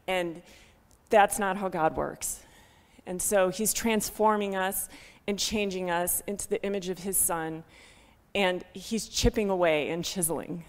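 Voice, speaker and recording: A woman giving an emotional church testimony into a microphone. She is heartfelt, laughs often and speaks loudly. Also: fairly low pitch. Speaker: guest speaker sharing a ministry testimony. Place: church sanctuary. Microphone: handheld microphone. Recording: long reverb of a church hall.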